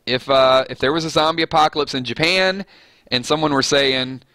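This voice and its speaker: Southern guy hosting a live chat, bright voice, jokey and self-mocking, dry close sound. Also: medium pitch, moderate pace, no room sound. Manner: chatty, reads viewer comments aloud, joking and self-mocking. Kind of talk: casual live-stream chat.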